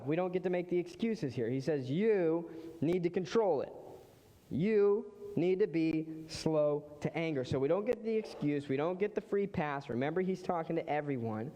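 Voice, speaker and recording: A man's voice: a little high, animated, normal speed, mellow. A man, a pastor, preaching a sermon in a conversational way, with emphatic repeated phrases. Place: church sanctuary. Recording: long reverb of a large hall.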